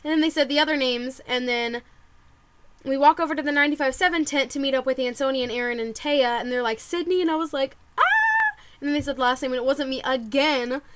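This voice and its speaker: A young woman telling a story to camera in casual vlog chat, excitable and full of "like". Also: high voice, quick pace, a little hiss or hum. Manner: bubbly, excitable, lots of "like" and quoted reactions. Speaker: vlogger.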